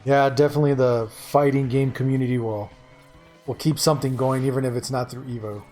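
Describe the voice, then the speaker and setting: A chatty man hosting a relaxed gaming stream, talking at an everyday middle pitch. He greets viewers by name and stops to hunt for the right word. Faint game music plays behind him. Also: a little fast. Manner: chatty, greets chat by name, searches for words. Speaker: streamer host. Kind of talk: casual stream chat while gaming.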